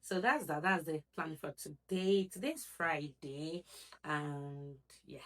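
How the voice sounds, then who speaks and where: A woman's voice: low-pitched, slow pace, a bit bright. A woman in her twenties with a Nigerian accent, chatting at home in a rambling, casual vlog style. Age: 20s. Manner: chatty and rambling, full of "like" and "so yeah". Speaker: vlogger.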